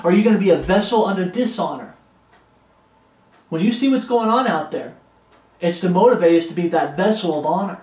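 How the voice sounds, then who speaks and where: A man's voice: high voice, animated, fairly quick, long pauses, a little mellow, echoey room. A man preaching an expository Bible sermon, emphatic, repeating his warnings and reading scripture aloud.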